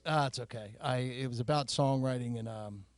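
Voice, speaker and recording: A chatty man co-hosts a casual podcast, cracking jokes and tossing out trivia with plenty of filler words. His pitch is average. The recording is close and dry. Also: normal speed, no echo. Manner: chatty, jokey, shares trivia, frequent fillers. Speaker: podcast co-host. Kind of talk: casual chat.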